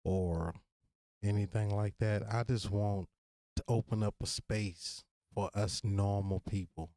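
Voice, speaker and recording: A man in his thirties from Virginia with a Virginia accent and casual slang, hosting a solo podcast and talking straight to his listeners in an earnest, relaxed way. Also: on the low side, takes it slowly, no echo, clean studio sound. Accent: Virginia, Southern US. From Virginia, USA. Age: 30s. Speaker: podcast host.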